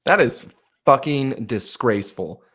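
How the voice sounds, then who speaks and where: A man's voice: medium pitch, a little slow, slightly rough. A man co-hosting a comedy podcast, swearing freely and acting out the voices in his stories. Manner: animated storyteller, acts out voices in anecdotes. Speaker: podcast co-host. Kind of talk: crude comedic banter.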